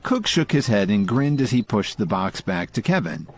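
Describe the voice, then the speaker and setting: A man narrates a scripted audio drama in a calm storytelling manner. His low voice is slightly husky and moves lively through its pitch. Soft music plays underneath. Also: moderate pace, hardly any pauses.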